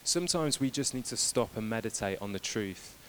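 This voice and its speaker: A man preaching a sermon who retells scripture as lively, casual dialogue. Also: fairly low pitch, fairly quick, slight background noise.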